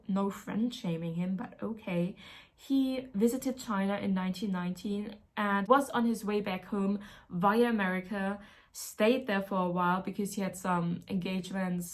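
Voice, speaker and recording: A woman talks straight to her viewers in a loose, casual chat, walking them through a mystery novel. She is playful and pokes fun at herself, and her voice sits at an ordinary middle pitch. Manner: playful, self-mocking and chatty. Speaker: book vlogger.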